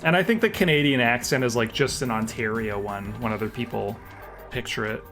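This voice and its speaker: A man's voice: medium pitch, a little fast, fairly bright tone. A man streaming a game live, chatting casually and self-deprecatingly while reacting aloud to the action and answering chat. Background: game music.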